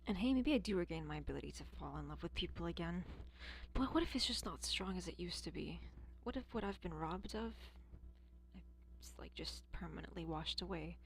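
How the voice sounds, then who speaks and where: A woman's voice: lowish voice, lively intonation, brisk, creaky. An American woman chatting casually as a streamer, blunt and profane, rambling and musing aloud. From United States. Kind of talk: casual chat.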